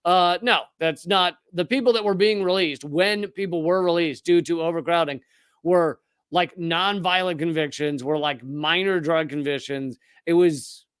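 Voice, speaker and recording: A man from Richmond, Virginia with a Southern US accent, hosting a live political commentary stream and talking back to the chat in a sardonic, rapid way with frequent restarts. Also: fairly high pitch, a bit bright, clear, resonant tone, dry recording, clean studio sound.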